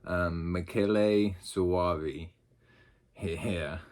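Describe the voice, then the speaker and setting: A man's voice: low-pitched, extremely slow, a little mellow. A man with a Southern US accent chatting casually and rambling, with many fillers, as he unboxes and talks through his new purchase. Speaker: YouTube host.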